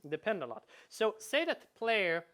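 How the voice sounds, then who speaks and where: A man, a game designer, giving a conference talk, animated and full of restarts and repeated words. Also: sits high, moderate pace.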